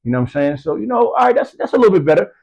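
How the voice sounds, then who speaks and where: A man's voice: high-pitched, big pitch swings, racing, vocal fry, a little mellow, muffled recording. A man giving casual boxing commentary, rambling with lots of fillers and street slang, from the US East Coast. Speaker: boxing news vlogger.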